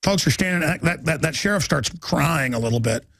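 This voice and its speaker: Agitated high-pitched talk host. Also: male voice, animated, no room sound. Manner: urgent, agitated, rising to shouts; reads headlines aloud rapidly. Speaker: radio host. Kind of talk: talk radio monologue.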